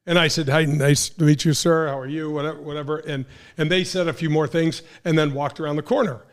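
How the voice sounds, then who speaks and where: A man in his sixties from St. Louis hosts a relaxed talk show, spinning animated anecdotes and slipping into the voices of people he quotes. His speaking voice sits a bit high for a man. He stumbles and restarts now and then as he goes. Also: brisk. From St. Louis, Missouri. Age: 60s. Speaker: host, former pro golfer. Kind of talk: casual storytelling chat.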